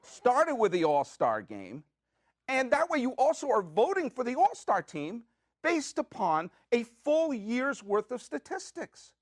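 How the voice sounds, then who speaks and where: A man's voice: very high voice, measured pace, no room sound, studio quality. A man hosting a podcast, delivering a comedic monologue with playful rants and questions he asks himself. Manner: animated, jokey, with playful rants and self-asked questions. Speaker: podcast host. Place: studio.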